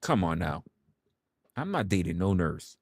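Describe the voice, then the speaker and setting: A young man hosting a livestream, telling a story in a candid, profane, animated way. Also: low voice, measured pace, dry recording, clean studio sound. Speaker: livestream host.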